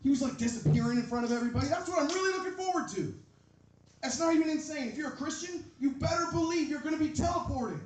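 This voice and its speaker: Male stand-up comic, rambling, erupts into shouted bits; higher voice, echoey room. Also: quick pace, slight background noise. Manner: rambling, shouts sudden impressions. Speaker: stand-up comedian. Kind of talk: stand-up set at an open mic. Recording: roomy, from a distance.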